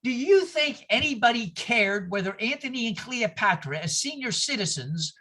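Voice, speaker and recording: Animated older man teaching on a video call. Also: very high-pitched, normal speed. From New York. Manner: animated, digressive, tells anecdotes with asides. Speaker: minister teaching a class.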